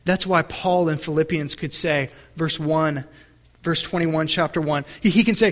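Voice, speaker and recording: A man preaching a sermon, reading scripture aloud and asking the congregation questions, shifting between slow, stressed phrases and quick asides. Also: fairly high pitch. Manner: asks the congregation questions, varies pace and loudness. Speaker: pastor.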